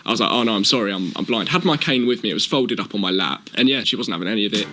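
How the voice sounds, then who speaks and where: A man with a fairly low voice recounts what happened to him, plainly and without fuss. His tone is bright and pointed, and he talks at a quick clip. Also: expressive. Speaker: gym goer telling his story in a clip.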